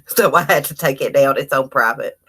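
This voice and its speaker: A woman, chatting casually on a livestream and telling animated stories full of quoted dialogue. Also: a bass voice, moderate pace, husky. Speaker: livestream host.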